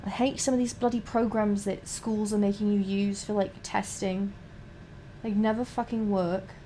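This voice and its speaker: A woman's voice: mid-range voice, steady tone, normal speed, warm tone, slight background noise. Young woman rambling with lots of swearing. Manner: rambling, heavy swearing, frequent restarts. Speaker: streamer. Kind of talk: casual chat while painting miniatures.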